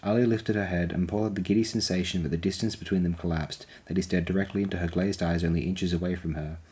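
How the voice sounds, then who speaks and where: A man narrating an audiobook in a slow, deliberate, measured reading. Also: deep voice, fairly even intonation, darkish tone, breathy edge.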